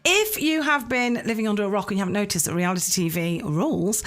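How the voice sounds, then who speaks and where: A woman's voice: mid-range voice, fast talker, over loud music. A woman co-hosting a podcast, playful and giggly in casual chat. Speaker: podcast co-host.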